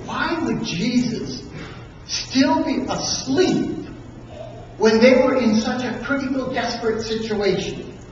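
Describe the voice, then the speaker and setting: A preacher delivering a sermon as dramatic storytelling, with emphatic pauses. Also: medium pitch, a little mellow, a little hiss or hum. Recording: echoey hall from far off, dull and lo-fi.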